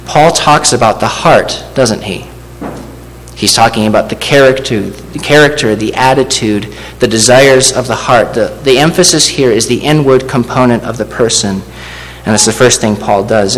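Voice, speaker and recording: A man preaching a verse-by-verse sermon to a congregation in a measured way, with asides like "doesn't he?". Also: medium pitch. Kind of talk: expository sermon. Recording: long hall reverb with faint hum.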